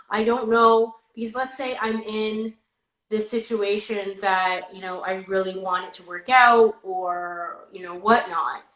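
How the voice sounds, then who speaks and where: A woman in her thirties hosts a casual podcast chat and talks in a candid, animated way. Her voice sits at a middle pitch. The recording has a roomy echo. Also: unhurried. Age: 30s. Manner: candid, animated, rambling with restarts. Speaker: podcast host.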